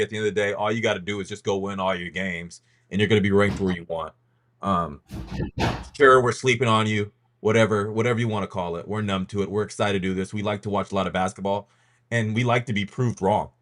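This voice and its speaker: A man's voice: on the low side, fairly bright tone. A man hosting a casual podcast, talking loosely with lots of ums and restarts as he leads a rankings reveal.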